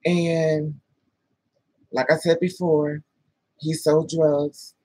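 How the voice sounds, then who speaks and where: A woman's voice: deep voice, little pitch movement, drawn-out words, warm tone, breathy edge, no echo, poor audio. A woman guest talking to the host, telling a frank, rambling personal story in a casual, street-smart way.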